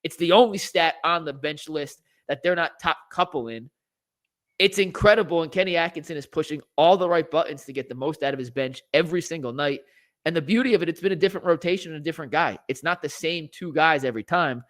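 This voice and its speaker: A man's voice: on the high side, fast, a bit bright. A man hosting a sports talk show, talking animatedly and rattling off statistics.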